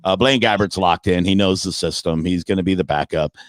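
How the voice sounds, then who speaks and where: A comedian appearing as a podcast guest talks sports in a brash, profane, casual way and makes fun of his critics. His voice is deep and brisk, with no room sound.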